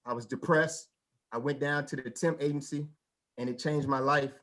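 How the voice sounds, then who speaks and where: Guy doing stand-up over a video stream, high voice, acts out the characters, loose casual slang. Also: moderate pace. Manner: animated storytelling with mimicked voices. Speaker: stand-up comedian. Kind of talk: stand-up comedy set.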